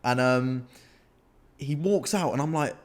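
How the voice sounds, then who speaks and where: A young British man swaps wild holiday stories in a loose, animated podcast chat. His voice sits at a middle pitch, and he laughs his way through the tales. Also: a little slow. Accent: British English. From Britain. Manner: animated anecdote-telling, laughs often. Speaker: podcast co-host. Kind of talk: casual storytelling chat.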